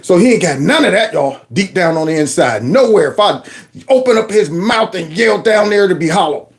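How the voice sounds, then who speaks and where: A man hosting a political commentary show, talking over clips in an animated, mocking way and repeating phrases in a singsong. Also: high voice, moderate pace. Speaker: commentary channel host.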